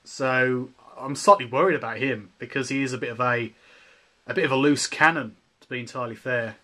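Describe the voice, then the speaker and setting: A man's voice: mid-range voice, a little fast, bright, forceful tone. A man chatting casually on a voice call, hesitant and full of fillers. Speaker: participant in a voice call. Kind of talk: casual chat.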